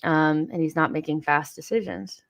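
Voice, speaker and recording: A young woman hosting a live football watchalong, reacting to the match, swearing and shouting at the players. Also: low voice, fairly even intonation, normal speed, vocal fry.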